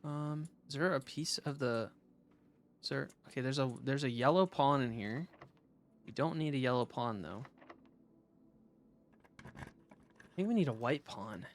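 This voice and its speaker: A man's voice: medium pitch, measured pace, pauses often, slight background noise. A young man streaming a game live, chatting casually with lots of fillers and restarts.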